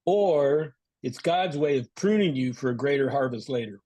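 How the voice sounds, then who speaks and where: A man's voice: medium pitch, animated, moderate pace, warm tone, no echo. A man taking part in a group call, explaining his point in a numbered list. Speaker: participant.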